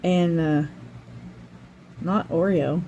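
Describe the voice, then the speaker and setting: A woman's voice: on the low side, steady tone, extremely slow, mellow, lo-fi sound, a little hiss or hum. An older woman hosting a craft channel, chatting at home and telling a heartfelt story that wanders from one detail to the next. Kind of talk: casual chat while crafting.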